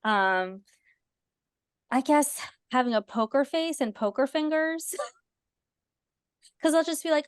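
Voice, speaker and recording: A woman's voice: high-pitched, measured pace, pauses often, no echo, studio quality. A woman hosting a podcast, telling stories animatedly with many "like" fillers. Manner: animated storyteller, lots of "like" fillers. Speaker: podcast host. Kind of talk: casual chat.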